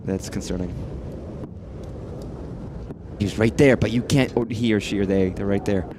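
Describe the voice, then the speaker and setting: A man's voice: fairly low pitch, normal speed, noisy background. A man streaming a horror game, rambling and swearing freely as he talks to the things on screen. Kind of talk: casual live-stream commentary.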